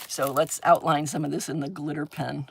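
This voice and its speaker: A woman's voice: sits low, steady tone, normal speed, gravelly, slight background noise. A woman chats her way through a crafting livestream, talking to viewers while she works. She rambles from thought to thought, laughs often, and hums little sound effects as she draws. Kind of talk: casual chat while crafting.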